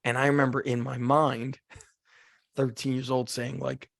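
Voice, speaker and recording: The recording is dry and close with no ambience as a male podcast host, voice mid-range and a little slow with gravelly fry, tells a chatty story. He's animated, says "like" often, and acts out the shouting.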